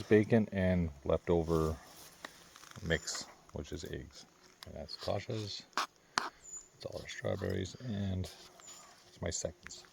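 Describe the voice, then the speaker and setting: A man's voice: sits low, vocal fry. A man from Canada casually narrating his camping vlog outdoors at a lakeside campsite, chatty and easygoing. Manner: chatty, easygoing, laughs often. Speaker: vlogger. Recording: faint outdoor background noise.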